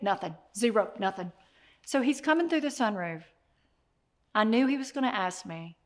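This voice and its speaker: Animated woman giving a motivational talk. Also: fairly high pitch, moderate pace. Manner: animated, repeats key phrases, speaks straight to the listener. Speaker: motivational speaker.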